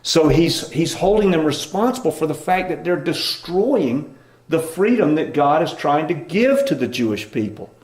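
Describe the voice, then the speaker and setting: Man, pastor, relaxed storytelling sermon, fairly high voice, echoey church room. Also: normal speed. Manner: conversational storytelling preacher. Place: church sanctuary.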